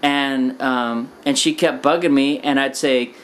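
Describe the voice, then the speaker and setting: A man casually telling a rambling anecdote, full of "you know" and "like", acting out quoted lines with sudden pitch jumps. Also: steady tone, unhurried, fairly bright tone, a little hiss or hum. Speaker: storyteller.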